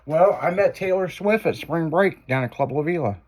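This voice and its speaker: A man's voice: a little high, moderate pace, a little mellow. A man hosting a radio show, telling loose, profane stories in casual chat. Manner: rambling, profane, loose storyteller.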